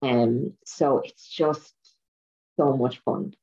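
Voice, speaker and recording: A woman co-hosting a podcast, excitedly retelling a film in casual chat and laughing often. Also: rumbling low, extremely slow, vocal fry, highs cut off. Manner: animated storyteller, laughs often.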